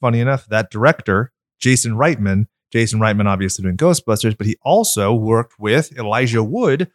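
A man's voice: lowish voice, normal speed, dry recording, clean studio sound. A man hosting a podcast, chatting casually about films in a blunt, enthusiastic way and swearing freely. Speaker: podcast host. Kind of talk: casual film chat.

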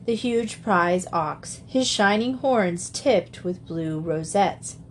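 A woman narrating a classic children's novel in a steady, measured reading voice. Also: medium pitch, slight background noise. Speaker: audiobook narrator. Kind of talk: storybook narration.

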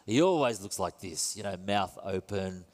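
A man's voice: sits low, expressive, moderate pace. A man preaching a sermon in a church, conversational and earnest, with self-deprecating asides. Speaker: pastor. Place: church building. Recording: long reverb in a church hall.

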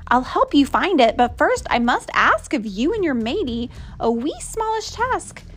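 Prim, bold storybook librarian, firm and proper, bright high voice, as a woman reading aloud puts her on. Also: big pitch swings, a little slow, heavily acted.

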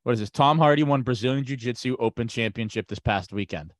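A man's voice: medium pitch, quick pace, dry recording, clean studio sound. A man co-hosting a podcast, riffing loosely and slipping into silly voices. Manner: riffing, animated, slips into voices. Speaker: podcast co-host. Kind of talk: casual banter.

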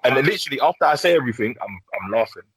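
A man's voice: mid-range voice, lively intonation, very fast, fairly bright tone, husky, dry recording, low-quality recording. A young man, telling stories in slang in a casual podcast chat. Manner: slangy, storytelling. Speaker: podcast co-host.

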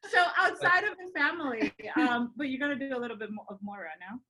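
A woman's voice: high-pitched, lively intonation, quick pace, a crowd in the background, rough recording. A woman in her thirties hosting a casual interview, giggly and effusive. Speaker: host.

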